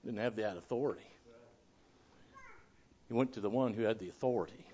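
A man preaching a sermon, reading scripture aloud and swinging between loud declarations and hushed asides. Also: lowish voice, a little fast, highs cut off. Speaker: pastor.

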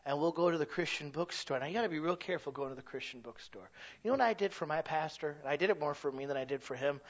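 A man preaching a sermon in an animated, folksy way that sometimes rises to a shout. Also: fairly high pitch, fast talker. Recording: dull lo-fi sound.

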